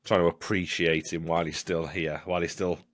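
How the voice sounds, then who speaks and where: Male co-host, low deep voice, dead-dry close mic, sweary casual chat. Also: flat delivery, brisk, no room sound. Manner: blunt, swears freely, stumbles and restarts. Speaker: podcast co-host. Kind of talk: casual watch-along chat.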